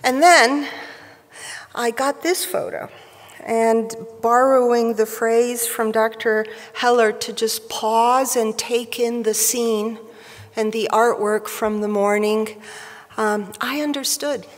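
A woman giving a prepared tribute speech at a professional society event, with a wry, measured delivery, at a podium microphone in a large hall. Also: a little high, steady tone. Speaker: speaker at a surgical society event. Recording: reverberant hall.

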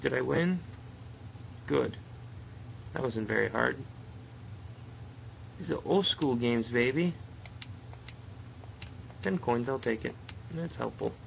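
A young man doing live commentary on a game he is playing, mostly muttering, then breaking into frustrated yells. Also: medium pitch, lively intonation, slow pace, creaky, long pauses, highs cut off, slight background noise. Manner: swings from muttering to frustrated yelling. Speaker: let's play gamer.

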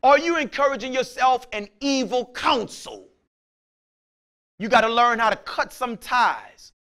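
A man preaching a sermon as pastor, with impassioned shouting of scripture and repeated "Praise the Lord" between points, sometimes dropping into a quiet prayer voice. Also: measured pace. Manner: drops to a low, quiet prayer voice at times.

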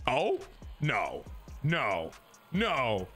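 A young man giving excitable live commentary on his own baseball video game, jumping from loud hype to muttered grumbles. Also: medium pitch, very slow, faint music behind. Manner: excitable, swings from hyped shouting to muttered grumbling. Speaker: gaming YouTuber.

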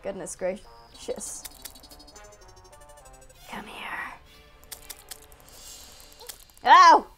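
A young woman giving excitable gameplay commentary into a desk mic, talking to herself with lots of exclamations. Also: medium pitch, drawn-out words, over music. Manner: excitable self-talk, frequent exclamations and laughs. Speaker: gaming channel host. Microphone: desk microphone.

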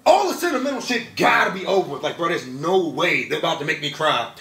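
Excitable young man in an echoey room. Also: a little high, fast, recorded from a distance. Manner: excitable, profane, laughs through his words. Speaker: movie reviewer. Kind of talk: animated casual movie review.

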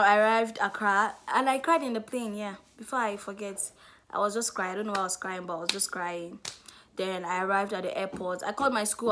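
A young Nigerian woman with a Nigerian accent telling a lively story-time vlog, acting out what people said. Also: mid-range voice. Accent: Nigerian English. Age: young adult. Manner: animated storytelling, acts out quotes. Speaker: student vlogger.

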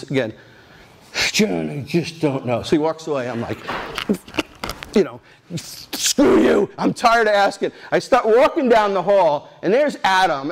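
A man in his sixties speaks from a conference stage, his voice sitting a bit higher than most men's. He rambles through his stories with restarts and quick asides, animated and unpolished. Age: 60s. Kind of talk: storytelling conference talk.

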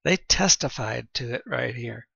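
A man giving a Bible teaching lecture, reading scripture aloud between explanations and often clearing his throat, on a dull lo-fi recording. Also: medium pitch, lively intonation, unhurried, sharp tone, no room sound.

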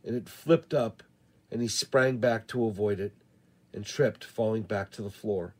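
A male audiobook reader telling a first-person western story. He reads in a measured, deliberate way, slow and unhurried, his voice on the low side. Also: a little mellow.

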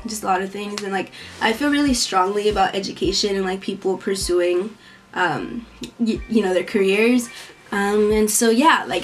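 A young woman, a college student, talks straight to camera in a loose, rambling Q&A. She peppers nearly every phrase with "like", laughs easily and slips into quoted voices as she tells stories. Faint music plays quietly underneath. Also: medium pitch. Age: young adult. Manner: talkative, fills every phrase with "like"; giggly, acts out quoted voices. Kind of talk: casual Q&A chat.

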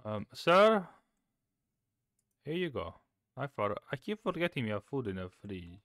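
A man streaming a cooking game, chatting casually, swearing and suddenly shouting. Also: medium pitch, sing-song, unhurried, no room sound, clean studio sound. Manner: chaotic, swears, bursts of shouting. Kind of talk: casual gameplay chat.

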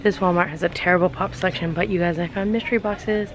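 A young woman, vlogging casually from her car and around stores, rambling and indecisive, getting excited as she talks. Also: on the low side, fast. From California. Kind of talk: casual vlog chat.

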